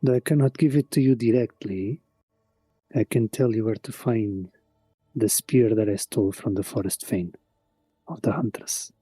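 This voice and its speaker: A man's voice: on the low side, moderate pace, mellow, husky, no room sound. A man voicing the ghost of a fallen chieftain, speaking formally with a put-on accent. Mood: solemn. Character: ghost of a fallen male chieftain, solemn and regretful.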